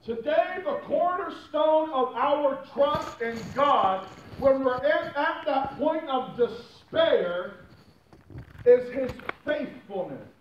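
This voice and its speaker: A man preaches a sermon in a notably high voice, moving deliberately and unhurried, then climbing into shouts. He sounds far from the microphone, with heavy echo around him and a dull, lo-fi recording. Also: expressive, slight background noise. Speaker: pastor.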